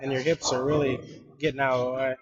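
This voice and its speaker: A man coaching a student in a relaxed, encouraging way, often trailing off mid-sentence. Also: medium pitch, fast talker, breathy edge, dull audio. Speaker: bowling coach. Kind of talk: casual coaching talk.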